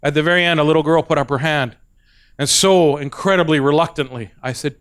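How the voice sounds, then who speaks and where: A man telling a stand-up story on stage, animated and acting out voices. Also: a little high, clear, resonant tone. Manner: animated, acts out voices, quick asides. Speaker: comedian.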